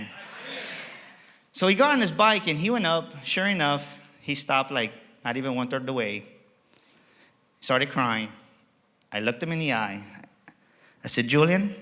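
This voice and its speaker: A man giving a motivational keynote speech to a live audience, energetic and acting out dialogue in changing voices. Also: mid-range voice, a little slow, long pauses. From Texas. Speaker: motivational speaker. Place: auditorium.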